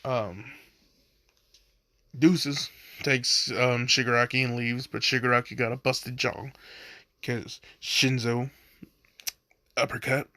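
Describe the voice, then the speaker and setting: A man's voice: medium pitch, fairly even intonation, slow, pauses often, bright, forceful tone, no room sound. A young man casually telling a fan story, rambling with lots of "like" and jumping into quoted voices.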